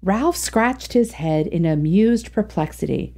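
Brief: female storytime narrator, expressive reading, mellow voice with lots of pitch movement. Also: a little slow. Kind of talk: reading a classic short story aloud.

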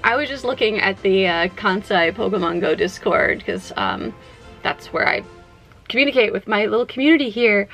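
A fairly high woman's voice with a gravelly, fry-filled edge. She chats away to herself in a casual, excitable way while playing a game at home. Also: fast, no echo, faint music behind, rough recording. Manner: chatty, excitable, talks to herself. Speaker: vlogger. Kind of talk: casual gaming vlog.

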